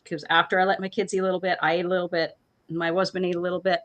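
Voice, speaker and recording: A middle-aged woman co-hosting a morning show, telling family food stories in a casual chat and acting out relatives in higher voices, laughing often. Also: little pitch movement, rapid-fire, fairly bright tone.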